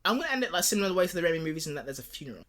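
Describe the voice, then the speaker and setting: A man co-hosting a podcast in casual chat, pitching a movie plot and acting out characters in quick voices, laughing often. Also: very animated, fairly bright tone. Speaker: podcast co-host.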